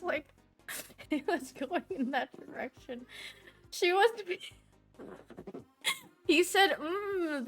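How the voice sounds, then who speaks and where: A young woman streamer with a high, slightly bright voice chats casually with her viewers on a livestream, answering them, rambling through stories, and laughing often.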